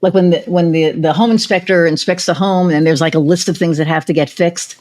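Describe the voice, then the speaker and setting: A middle-aged woman hosting a podcast, telling stories in a lively, chatty way and acting out what others said. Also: lowish voice, a little fast. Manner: animated storytelling, acts out quoted voices. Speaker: podcast host. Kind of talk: casual chat.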